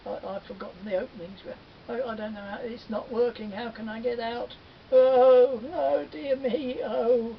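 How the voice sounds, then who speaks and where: A man voicing a flustered old male trickster spider in a folktale, stammering and whining in a panic. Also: a little slow. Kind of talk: folktale storytelling. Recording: dull distant recording with faint rumble.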